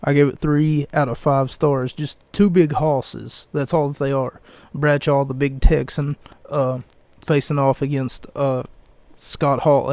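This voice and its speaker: A young man talking slowly and evenly in a mellow, low-key voice, hosting his own podcast. He rambles, hesitates and corrects himself often. The sound is dry and close. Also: dry recording. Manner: slow, halting, many fillers and self-corrections. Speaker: podcast host reviewing wrestling events. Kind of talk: casual rambling podcast commentary.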